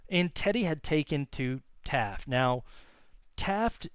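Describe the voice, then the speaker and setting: Smooth-voiced man giving a casual lecture. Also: on the high side, animated, slow, no room sound. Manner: casual and conversational, many fillers and self-corrections. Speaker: history teacher. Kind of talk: classroom history lecture.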